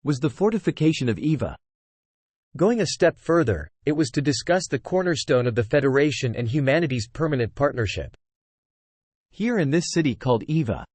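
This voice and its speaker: A man's voice: medium pitch, big pitch swings, fairly quick, darkish tone, no echo. A computer-generated man's voice narrating a fantasy novel, reading punctuation marks aloud. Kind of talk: text-to-speech novel narration.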